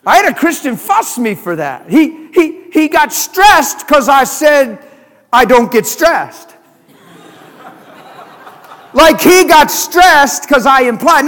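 A man preaches in a folksy, storytelling way. His voice sits high for a man, and his retellings swing from quiet asides to loud, excited bursts. The sound rings with long reverb, as if from a large hall. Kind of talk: storytelling sermon.

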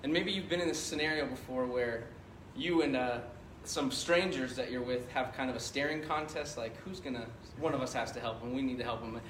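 A man's voice: mid-range voice, a little fast, hardly any pauses, a bit bright, reverberant, a little hiss or hum. A male pastor preaching a sermon, telling a story in a loose, conversational way with many fillers.

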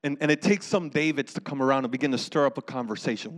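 A man preaching a sermon, telling the story with lively acted voices and calls for the audience to repeat. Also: a little high, fast talker, hardly any pauses. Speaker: pastor.

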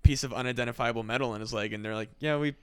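A man with a smooth, clear voice hosts a casual podcast chat and rambles through a story, packing it with fillers and swearing. The sound is dry and close, with no room echo. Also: medium pitch, little pitch movement, racing. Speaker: podcast host.

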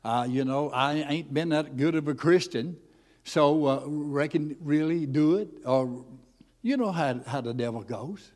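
A man's voice: fairly high pitch, measured pace. Folksy preacher man in an echoey hall. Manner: folksy, animated, many fillers and restarts. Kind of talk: storytelling sermon.

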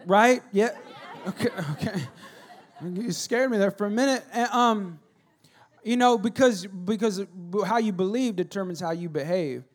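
A middle-aged man preaching a sermon as a pastor, telling stories with humor and swinging between loud and hushed delivery. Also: high voice, a little slow.

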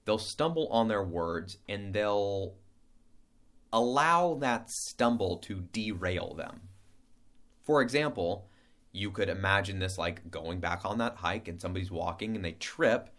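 A man's voice: low voice, expressive, unhurried, a bit bright. A man giving a casual spoken lesson in a rambling, playful way, stumbling over words and humming little scat sounds.

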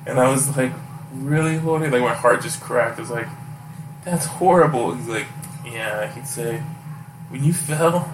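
A man's voice: medium pitch, normal speed. Laughing man telling stories in an echoey room. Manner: animated storyteller, laughs often, quotes people in raised voices. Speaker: podcast host. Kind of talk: casual chat and storytelling. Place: house, indoors. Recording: echoey room, mic far off, noisy background.

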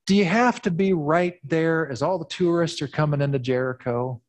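A man's voice: a little high, normal speed, close to an everyday voice. A man voicing an embarrassed townsperson complaining in a whiny, exasperated way.

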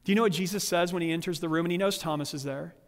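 A man preaching a sermon as pastor, animated and conversational, sometimes acting out quoted voices. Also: on the high side, very fast, long reverb tail. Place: church sanctuary.

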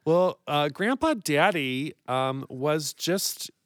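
Giggly male co-host, higher voice. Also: expressive, slow pace, no room sound, clean studio sound. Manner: playful, giggly, scattered. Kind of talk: casual podcast chat.

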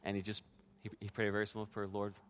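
Male pastor, lowish voice, earnest sermon testimony, talks right to the congregation. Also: monotone, very fast, faint music behind. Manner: earnest, addresses the congregation directly.

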